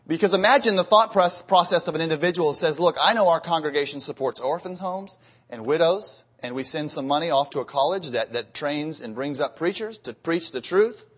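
Man, sermon, earnest and emphatic, fairly high voice. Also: fairly bright tone. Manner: earnest, rising to emphatic peaks, with repeated words. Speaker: preacher.

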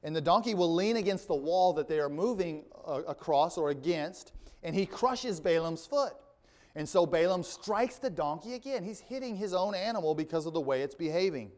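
A male pastor preaches a sermon, reading scripture aloud and then unpacking it verse by verse. His voice sits a little high for a man, and he adds dry, wry asides along the way. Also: expressive, normal speed, darkish tone.

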